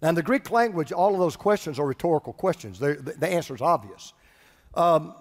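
Man, pastor, animated sermon, high voice, long hall reverb. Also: fairly quick. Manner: animated, swings from loud to hushed.

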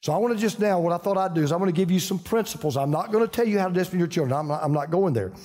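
An older man with a Southern accent delivers a sermon in a high, animated voice. He talks in a folksy, storytelling way and often restarts his sentences. His voice carries a long reverb from a big hall. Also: rapid-fire. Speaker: pastor.

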